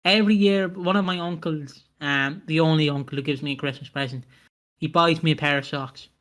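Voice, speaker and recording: A young man co-hosting a podcast in casual chat, swearing freely and making dark jokes. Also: fairly high pitch, fairly even intonation, a little fast. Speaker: podcast co-host.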